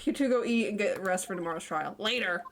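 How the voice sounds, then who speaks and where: A woman voicing a gruff male detective, trying for a soft country drawl as she reads a game aloud. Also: medium pitch, fast, a little hiss or hum, voice pushed down, close to an everyday voice.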